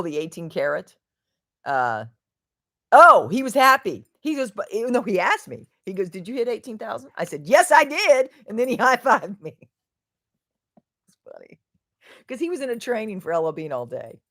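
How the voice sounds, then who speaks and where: A woman hosts a casual livestream, talking in a lowish voice that rises and falls a lot. She rambles from one thought to the next and greets viewers by answering their comments. Her tone stays chatty and informal throughout. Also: fairly bright tone, no echo, clean studio sound. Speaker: livestream host.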